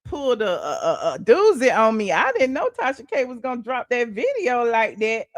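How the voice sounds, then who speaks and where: A woman's voice: on the high side, big pitch swings, normal speed, no room sound. A woman hosting a casual live stream, chatting to her viewers and calling them child and honey. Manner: chatty, talks to the chat, calls listeners child and honey. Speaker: livestream host. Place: small room at home. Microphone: computer mic at a desk.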